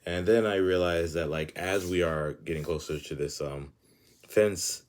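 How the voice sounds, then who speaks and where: Deep-voiced man ranting through a story. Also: measured pace. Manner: animated, filler-heavy, profane ranting. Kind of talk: casual storytelling monologue.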